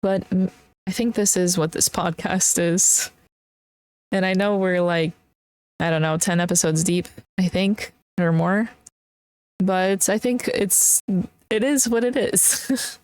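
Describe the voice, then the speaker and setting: Young female solo podcaster, lowish voice, heartfelt and encouraging, casual delivery. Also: darkish tone, clean tone, dry recording. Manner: earnest, emotional, encouraging. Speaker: podcast host.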